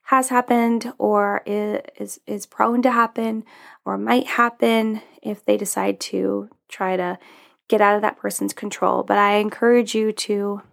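A woman's voice: mid-range voice, little pitch movement, unhurried, gravelly. A woman vlogger giving earnest, casual advice to her viewers, with lots of ums and you-knows. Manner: earnest, with many fillers like "um" and "you know". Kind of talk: casual advice talk to camera.

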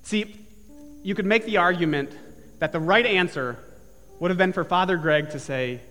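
A man's voice: sits high, moderate pace, bright, forceful tone, big-room sound, soft background music. A man preaching a sermon in church, telling a story earnestly and building to emphatic repeated phrases. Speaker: pastor. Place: church sanctuary with live and online congregation.

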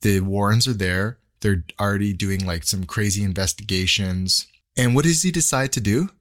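A man with a somewhat low voice co-hosts a podcast in relaxed, casual conversation. He talks enthusiastically, drops swear words, and often checks in with "right?" and "like.". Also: normal speed. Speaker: podcast co-host. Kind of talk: casual chat.

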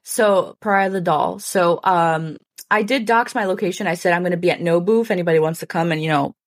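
Woman podcast co-host, lowish voice, rambling storyteller, deadpan self-mockery, dry close sound. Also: a little fast, no room sound. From Chicago. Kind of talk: casual chat.

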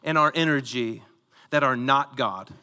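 Guy preaching in a big echoey hall, bright high voice, acts out the story. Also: unhurried. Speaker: pastor. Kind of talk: sermon.

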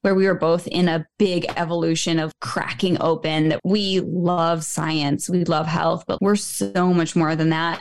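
A woman in her thirties, a podcast guest who tells her story in a chatty, animated way. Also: lowish voice, creaky. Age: 30s. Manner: animated, chatty storytelling, acts out voices in quotes. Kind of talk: casual interview conversation.

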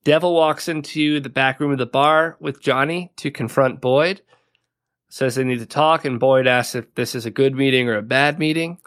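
A man of ordinary, mid-range pitch talks through a TV episode on a casual podcast. He is chatty and loose, peppering his recap with "like" and breaking into laughter now and then. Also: moderate pace, fairly bright tone. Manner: chatty, laughs often, leans on "like" a lot. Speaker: podcast co-host.

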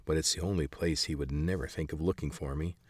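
A man voicing a bitter, secretive old man who hides in caverns, calm one moment and snappish the next. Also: extremely low pitch, fast talker, breathy edge. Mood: bitter, irritated. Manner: calm but snappish, hacking cough. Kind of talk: audiobook character voice.

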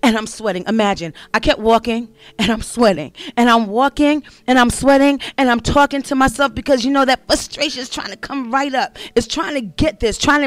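A middle-aged woman tells a personal story in a relaxed monologue, often repeating herself and turning to her listeners. Her voice is smooth and resonant. It is recorded dry and close, with no room echo. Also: fairly high pitch. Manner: conversational, repeats herself, addresses listeners directly. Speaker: speaker sharing a personal testimony.

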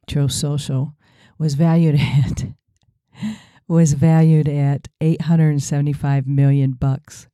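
Woman, podcast co-host, sarcastic, mocking, very dark tone, dry recording. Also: deep voice, no room sound. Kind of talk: opinionated podcast chat.

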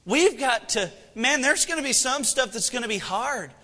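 A man in his thirties preaches with a high, bright, forceful voice, mixing humor and pointed questions. The sound carries a long reverb from a church hall. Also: lively intonation, normal speed. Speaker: pastor. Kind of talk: sermon.

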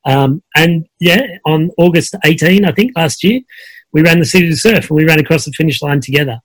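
A man's voice: on the high side, a little fast, no room sound. A middle-aged man with an Australian accent, a coach chatting casually on a video call with many fillers. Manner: relaxed storyteller, many fillers. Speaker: guest coach. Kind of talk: casual conversation.

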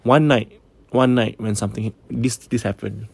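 A man's voice: fairly low pitch, fairly even intonation, normal speed, gravelly, breathy edge. A man casually telling a ghost story, mixing English with Malay and often checking in with his listeners.

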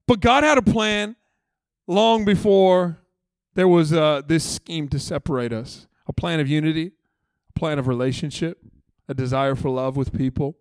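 A man's voice: on the high side, normal speed, clean tone, no room sound. A man preaching a church sermon as pastor, earnest and emphatic, with chatty asides to the congregation. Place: church service.

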